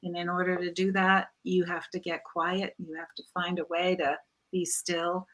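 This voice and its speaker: A woman, an author and panel guest, sharing reflective advice in a calm, measured way. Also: on the low side, rough recording.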